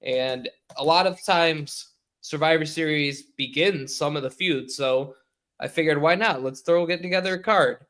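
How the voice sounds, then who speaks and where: A man's voice: on the high side, moderate pace, a bit bright. A man co-hosting a podcast over a remote call, telling stories in casual chat and laughing often. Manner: laughing storyteller. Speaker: podcast co-host.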